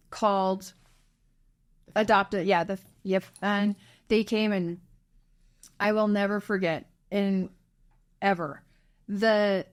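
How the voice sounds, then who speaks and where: Female guest sharing a personal story, earnest and halting, mid-range voice. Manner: earnest, halting, voice dropping low at hard moments. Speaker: interview guest, birth mother.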